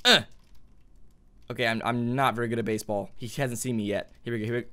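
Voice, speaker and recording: A man's voice: medium pitch, very animated, fast talker, bright, forceful tone. A man giving goofy, jokey commentary while playing a video game, exclaiming and talking to other players as he goes. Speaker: gaming YouTuber.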